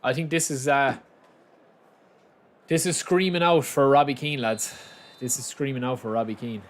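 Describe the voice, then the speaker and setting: A young man chatting casually and commentating live on his own football game, bursting into excited shouts at big moments. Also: mid-range voice, moderate pace. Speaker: game streamer.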